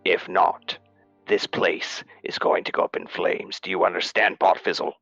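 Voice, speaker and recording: A man voicing a gruff golden dragonborn warrior who speaks low, quiet and threatening. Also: level tone, normal speed, no room sound, highs cut off, faint music behind, heavily acted. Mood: menacing.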